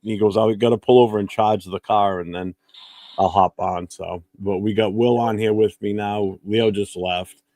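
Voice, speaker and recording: A man hosting a live fan show, talking in a relaxed, chatty way and often restarting his sentences. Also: fairly low pitch, normal speed, no echo. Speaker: podcast host. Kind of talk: casual live chat.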